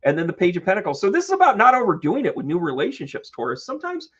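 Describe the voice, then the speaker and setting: A man hosting a live-stream tarot reading who chats with viewers, playful and joking with quick asides. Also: high voice, huge pitch swings, a bit bright, breathy edge, lo-fi sound. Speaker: psychic medium and tarot reader.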